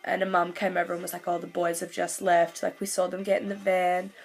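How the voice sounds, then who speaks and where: A woman recounts a story in a casual vlog, her voice pitched a little low with plenty of gravelly fry. She runs on in a gushing stream full of "like" fillers, and faint music sits quietly underneath. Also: monotone, brisk, low-quality recording. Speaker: vlogger.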